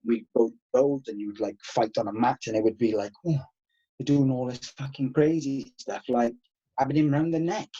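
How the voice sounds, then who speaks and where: A man in his thirties, a karate instructor guest, telling animated stories and swearing freely. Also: mid-range voice, normal speed, slightly rough, muffled recording. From Wales. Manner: animated, swears freely, acts out past exchanges. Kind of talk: casual podcast storytelling.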